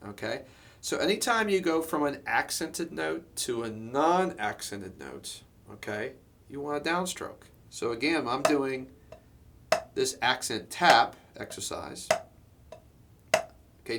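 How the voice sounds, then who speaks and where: A man giving a drum lesson, explaining step by step in a relaxed way, with frequent fillers and "okay?" check-ins. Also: mid-range voice, vocal fry, background noise. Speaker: drum teacher. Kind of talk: instructional lesson.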